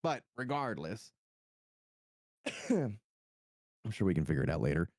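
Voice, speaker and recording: This is a game master chatting before a tabletop session, animated and self-deprecating, often repeating words while fiddling with gear. The voice swings widely in pitch. It sits very dry and close, through a streaming mixer at home. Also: unhurried, no echo. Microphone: streaming mic through a mixer.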